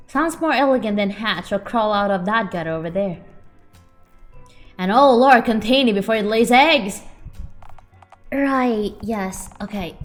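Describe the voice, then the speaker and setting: A woman voicing a prim, nervous female bank teller in a video game, with a formal, fussy and flustered manner. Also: on the high side.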